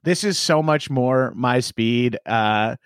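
A man's voice: mid-range voice, slow pace, smooth, dry recording, studio quality. A comedian in his late thirties from Long Island, rambling and joking in a casual podcast chat and acting out quoted voices with laughs. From Long Island, New York. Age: 30s. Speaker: comedian guest.

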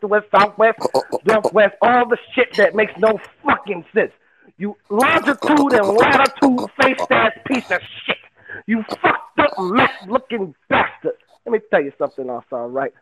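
A man's voice: high voice, a bit bright, low-quality recording. A man delivering a roast, firing off aggressive, profane insults in a run. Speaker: roast battle contestant.

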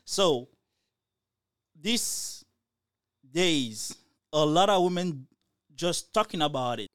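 Animated man telling a story. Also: on the high side, slow, clean tone, dry recording, studio quality. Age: 30s. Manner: animated storyteller, acts out quotes. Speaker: podcast co-host. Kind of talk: casual chat.

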